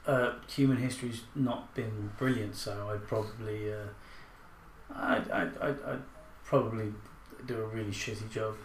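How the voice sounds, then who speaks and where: A man co-hosting a podcast in casual chat, crude and joking, often halting mid-sentence. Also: lowish voice, steady tone. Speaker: podcast co-host. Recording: distant mic in echoey noisy room.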